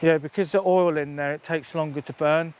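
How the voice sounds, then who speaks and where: Middle-aged outdoorsman, slightly high voice, rambling and sweary, phone mic outdoors. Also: steady tone, brisk, a little mellow, a little hiss or hum. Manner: rambling, chatty, swears freely. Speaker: outdoor vlogger. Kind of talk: casual live-stream chat. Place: outdoors on open moorland by a tent.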